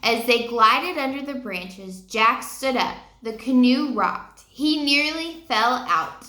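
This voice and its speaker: Expressive woman reading a children's book. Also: a little high, slow pace. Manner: expressive, asks listeners questions. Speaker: storyteller reading aloud. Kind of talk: children's book read-aloud. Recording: roomy echo.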